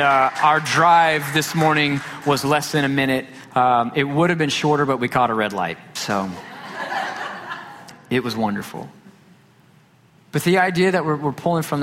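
A man's voice: medium pitch, a little hiss or hum. Man preaching in a reverberant hall. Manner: storytelling, animated retelling with quoted dialogue. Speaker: pastor. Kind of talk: sermon.

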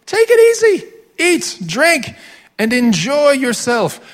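A man playing a greedy, self-absorbed rich man with a posh British accent, in a high, drawn-out mocking voice. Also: wildly swooping pitch, a bit bright, in a large hall, exaggerated voice. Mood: mocking, smug.

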